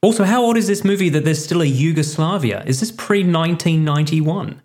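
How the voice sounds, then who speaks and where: Wry podcast man with a lively voice. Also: fairly high pitch, brisk. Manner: dry, wry asides and quips. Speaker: podcast co-host. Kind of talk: casual chat.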